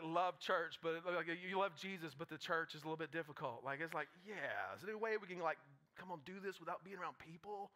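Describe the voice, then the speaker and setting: A man preaching a live sermon as pastor, animated and full of quick restarts and asides. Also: high-pitched.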